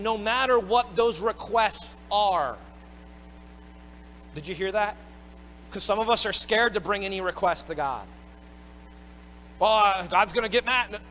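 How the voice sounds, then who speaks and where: A man's voice: high-pitched, fairly bright tone, slight background noise, low-quality recording. A man preaching a sermon as pastor, emphatic and repeating his words as he drives home each point.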